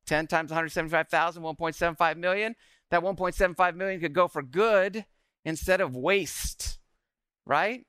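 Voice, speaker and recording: A man in his forties giving an energetic talk to a live audience, often asking the room questions. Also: a little high, normal speed, clear, resonant tone, dry recording.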